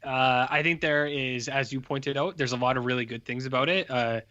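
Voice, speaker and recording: A man's voice: medium pitch, steady tone, normal speed, sharp tone, dry recording, lo-fi sound. A man co-hosting a film podcast in casual chat, joking in a wry way. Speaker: podcast co-host.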